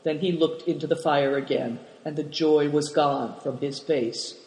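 A man narrates a story in a measured, steady manner. His voice sits fairly high, and the recording is roomy with a long reverb trailing each phrase. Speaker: audiobook reader. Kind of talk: scripted narration.

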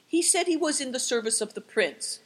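Woman doing a calm young man, practical, kind, husky, storybook. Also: high-pitched, brisk, voice pushed up.

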